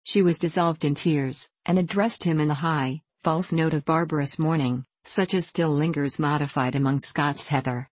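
A woman reading a classic novel aloud as an audiobook narrator, in measured, even storytelling. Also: low voice, dry recording.

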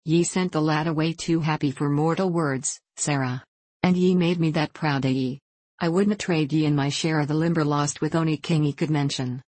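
A woman voicing a gruff but tender older Scottish backwoods husband, speaking in broad dialect with a lowered voice. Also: fairly even intonation, normal speed, no room sound, rough recording. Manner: broad dialect, low and hushed.

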